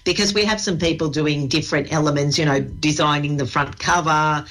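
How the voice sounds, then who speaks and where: A woman's voice: sits low, fairly even intonation, fairly quick, a bit bright. An Australian woman who works at a library, chatting with enthusiasm in a radio interview and laughing easily. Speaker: library staff guest.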